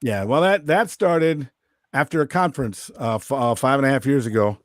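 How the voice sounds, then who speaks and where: Animated storytelling man, dry close sound. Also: normal speed, dry recording. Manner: animated, jumps into high mocking voices when quoting. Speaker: podcast guest. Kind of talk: casual storytelling. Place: Minnesota-based.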